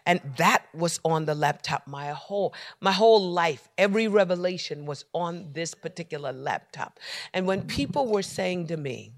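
A man preaching a sermon. He swings from near-whispers to shouting and leans on repeated refrains. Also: a little high, normal speed, dry recording. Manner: repetitive preaching cadence. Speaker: pastor.

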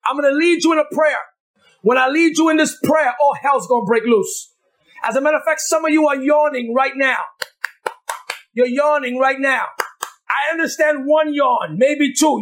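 A man preaching at a deliverance service, shouting commands and repeating himself emphatically, breaking into tongues. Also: extremely high pitch. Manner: rapid commanding repetition. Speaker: preacher leading a deliverance session. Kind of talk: charismatic sermon.

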